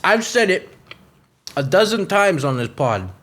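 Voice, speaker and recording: Profane mocking podcast host, twenties. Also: male voice, high-pitched, sing-song, unhurried, fairly bright tone. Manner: profane, mocking, switches into goofy voices. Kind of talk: satirical podcast rant reading news.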